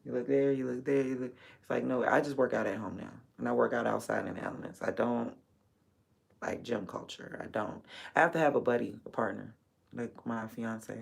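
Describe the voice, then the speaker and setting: A woman's voice: a bass voice, steady tone, fairly quick, creaky, slightly rough. A woman livestreaming while she works, chatting bluntly and profanely with viewers and laughing often. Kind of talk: casual livestream chat.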